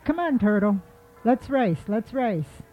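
A woman's voice: mid-range voice, measured pace, warm tone, faint music behind, lightly acted. A woman voicing a boastful male rabbit trickster who keeps pushing for a race. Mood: insistent. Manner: insistent, challenging. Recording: tinny phone-like line.

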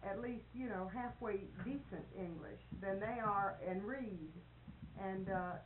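A woman's voice: mid-range voice, measured pace. A woman schoolteacher, chatting casually and telling anecdotes. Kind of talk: casual conversation. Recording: lo-fi phone-like tape with hiss.

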